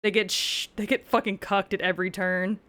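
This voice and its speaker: A woman's voice: medium pitch, level tone, brisk, a bit bright. A woman streaming gameplay, chatting casually with frequent swearing and joking asides.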